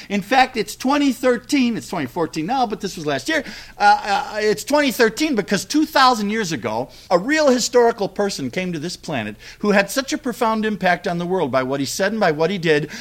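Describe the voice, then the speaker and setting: During his sermon, a middle-aged preacher whose voice sits high brings a story to life by performing the dialogue vividly.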